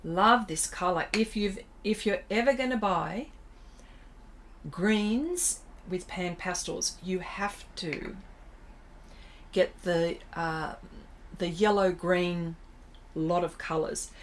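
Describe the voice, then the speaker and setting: Slow-talking woman artist. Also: fairly low pitch, a little hiss or hum. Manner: chatty, reads viewer comments aloud, self-deprecating. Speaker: art livestream host. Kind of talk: casual chat while drawing.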